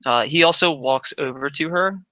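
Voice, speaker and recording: A man's voice: on the high side, moderate pace, sharp tone, no room sound, highs cut off. A man playing a tabletop game, describing his character's actions hesitantly and thinking aloud with fillers. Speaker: player. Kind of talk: casual tabletop play.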